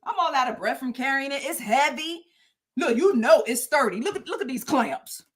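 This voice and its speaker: A woman's voice: sits high, expressive, moderate pace. A woman hosting her own livestream, chatting playfully and animatedly with her viewers. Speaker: livestream host. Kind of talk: casual livestream chat.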